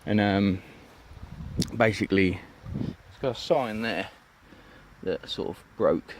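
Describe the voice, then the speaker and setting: A man's voice: fairly low pitch, slow pace, a little hiss or hum. A man giving a rambling, chatty tour of his allotment outdoors, full of ums and asides. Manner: rambling, chatty, lots of ums and "you know what I mean". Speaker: allotment vlogger. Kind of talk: casual walk-and-talk vlog.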